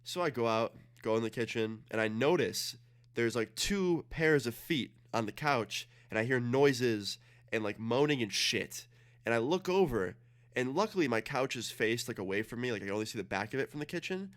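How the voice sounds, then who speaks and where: A man's voice: mid-range voice, lively intonation. A young man streaming a game, telling a story in a casual, profane way and acting out the dialogue. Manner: fast, profane, acts out dialogue. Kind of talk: casual storytelling while gaming.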